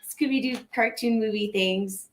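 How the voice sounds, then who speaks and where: A woman's voice: a little high, measured pace, over a noisy crowd. A woman co-hosting a casual livestream podcast, teasing and laughing often as she talks. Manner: giggly, teasing. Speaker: podcast co-host. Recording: echoey room.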